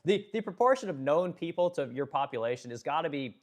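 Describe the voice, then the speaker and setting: A man's voice: fairly high pitch, expressive, quick pace, darkish tone. A young adult man from the Pacific Northwest hosting a casual livestream, reading chat and talking bluntly with profanity and lots of fillers. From Pacific Northwest, Oregon.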